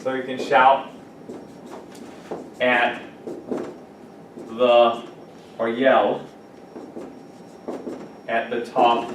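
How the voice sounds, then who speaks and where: A man's voice: medium pitch, noisy background. A man teaching English vocabulary to a class, explaining words with examples and asking students questions. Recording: echoey classroom mic from a distance.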